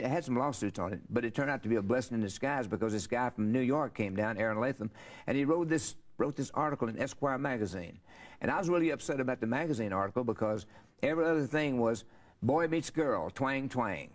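A man's voice: medium pitch, animated, fast. An older man, telling rambling, folksy stories as an interview guest. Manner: rambling, folksy storyteller with many fillers. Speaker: interview guest, country singer. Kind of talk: casual storytelling interview.

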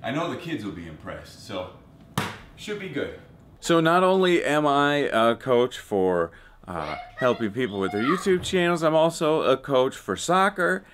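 A man's voice: mid-range voice, very animated, a little slow, reverberant, noisy background. A man in his thirties chatting casually for a family vlog, self-mocking and rambling, out of breath at times. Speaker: vlogger. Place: home photo studio room.

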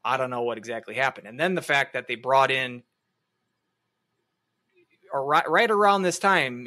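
Guy on a hockey podcast, bright clear voice, thinks out loud, lots of restarts. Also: mid-range voice. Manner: analytical, hedging with many restarts. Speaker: podcast co-host. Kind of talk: casual sports podcast chat.

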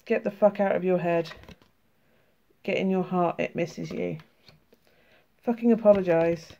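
British woman vlogger with a sore throat, gravelly, casual and laughing, swears a lot; lo-fi home recording. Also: on the low side, unhurried, warm tone. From United Kingdom. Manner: chatty and laughing, swearing freely. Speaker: tarot and oracle card vlogger. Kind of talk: casual card flip-through, reading cards aloud.

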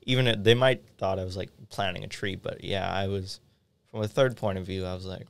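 A man's voice: low voice, steady tone, a little fast, vocal fry, smooth. A young man co-hosting a podcast, chatting casually in a studio and telling a story with frequent laughs. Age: young adult. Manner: laid-back storytelling, laughs often. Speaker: podcast co-host. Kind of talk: casual chat.

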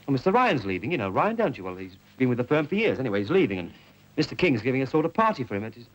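A man's voice: mid-range voice, very animated, very fast, highs cut off. An actor playing a flustered young man who stammers and pleads with his mother, in a 1960s TV drama.

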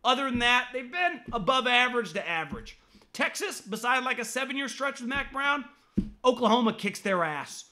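A man's voice: very animated, moderate pace. A man hosting a sports podcast, blunt and profane, with stammering restarts as he gives his opinions. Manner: mocks critics in a high shouting voice. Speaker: podcast host.

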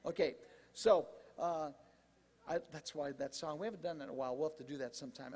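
A male pastor preaches with a lively, chatty delivery, tossing asides to his congregation. His voice sits high for a man. The sound carries a long reverb from the church hall. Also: a little fast. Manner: animated, conversational preaching with asides. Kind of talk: sermon. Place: church sanctuary.

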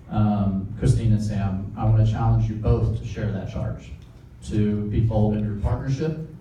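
A man's voice: fairly low pitch, mellow, lo-fi sound. A man in his thirties giving a jokey wedding toast as best man and reading a letter aloud from his notes. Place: wedding reception room. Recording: echoey room from far off, noisy.

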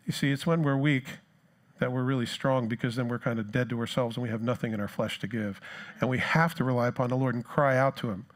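A man's voice: medium pitch, fairly even intonation, fast talker. A man from New Jersey with a New Jersey accent, preaching a sermon in a conversational, self-deprecating way and acting out the disciples' cries. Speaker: pastor.

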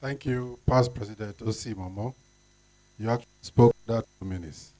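A man's voice: lowish voice, moderate pace, mellow. A man with a Nigerian accent serving as master of ceremonies at an event, making formal announcements with occasional fillers. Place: event hall.

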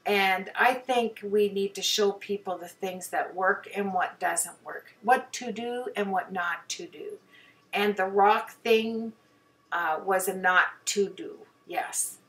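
A woman talks through her own painting in a loose, rambling way, full of "you know"s and little jokes at her own expense. Her pitch sits in an ordinary middle range. The mic sits a little away from her, so she sounds slightly removed. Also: slow, fairly bright tone, recorded from a distance. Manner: chatty, rambling, self-deprecating, many fillers. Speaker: hobby painter. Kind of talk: casual voice-over about her own painting.

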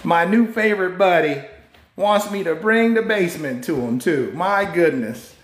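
A man's voice: sits high, animated, moderate pace. A man hosting a casual live stream as a cabin salesman, playfully teasing a viewer, laughing often and repeating himself, with folksy sign-offs.

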